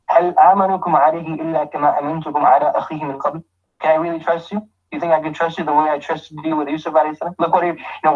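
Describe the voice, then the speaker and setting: Fast-talking man teaching scripture, lo-fi. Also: fairly high pitch. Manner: recites Arabic verses rapidly, then explains in English with frequent restarts. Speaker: Islamic teacher. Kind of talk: Quran commentary lesson.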